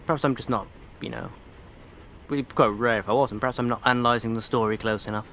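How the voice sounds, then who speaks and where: A man's voice: medium pitch, fairly even intonation, quick pace, a bit bright, slight background noise. A man commenting casually on a video game he is playing, with sarcastic, irreverent asides. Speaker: let's play commentator.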